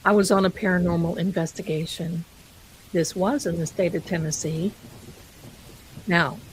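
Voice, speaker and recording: A woman with a lowish, darkish voice hosts a live stream, chatting her way through ghost stories and calling her viewers "my darling." The recording is low quality, with slight background noise.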